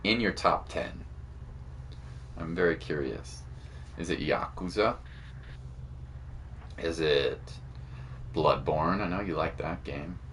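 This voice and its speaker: A man's voice: deep voice, slight background noise. A man streaming a game, chatting casually and easily with his viewers while he plays. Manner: relaxed, chatty, talks to chat while playing. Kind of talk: casual let's-play chat.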